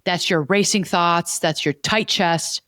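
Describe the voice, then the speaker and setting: Speaking a little slowly in a lowish, fairly bright voice, a woman therapist explains concepts on her podcast in a teaching style. She repeats key points and keeps checking in with "okay?" The audio is dry and studio-clean.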